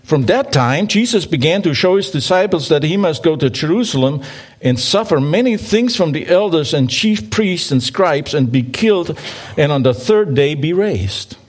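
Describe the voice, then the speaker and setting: A man's voice: on the high side, expressive, moderate pace. Man preaching a casual, playful sermon. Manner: reads scripture aloud and asks the congregation to join in; conversational, playful asides to the audience. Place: church.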